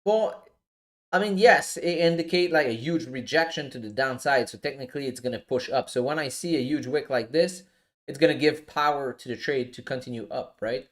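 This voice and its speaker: A man's voice: mid-range voice, normal speed. Laid-back man with an accent explaining trades. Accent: non-native English accent. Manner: relaxed, explanatory, often adds "right?" and "you know?". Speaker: forex trading coach. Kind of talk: casual live trading walkthrough.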